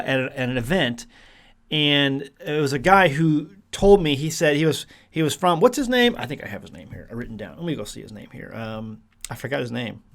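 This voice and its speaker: A man with a high, lively voice, chatting casually to the camera as a homesteading vlogger. He rambles along with plenty of restarts and fillers and breaks into chuckles now and then. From United States.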